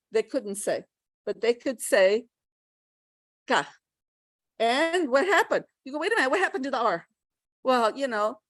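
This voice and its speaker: An American woman leads a pronunciation workshop, explaining sounds to a class with lively energy and frequent check-ins. Her voice sits on the higher side and is recorded dry and close, with little room sound. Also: dry recording. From United States. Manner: lively teacher, checks in with okay and all right. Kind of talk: lecturing to a class.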